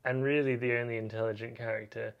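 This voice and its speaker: A man's voice: medium pitch, level tone, fast, gravelly, lo-fi sound. A young man hosting a podcast in casual chat, laid-back and self-deprecating, often trailing off and restarting. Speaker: podcast host.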